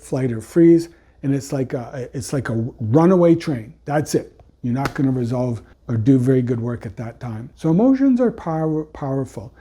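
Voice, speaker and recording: A man's voice: medium pitch, dark tone, slightly rough. A man who works as a couples counselor, giving an unscripted explanation in a conversational way, full of "you know" fillers and restarts. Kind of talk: unscripted educational talk.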